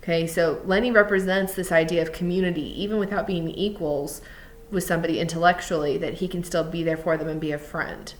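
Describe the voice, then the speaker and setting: A woman's voice: on the low side, steady tone, brisk, reverberant. A woman teacher reading a novel aloud and stopping to explain it in conversational asides.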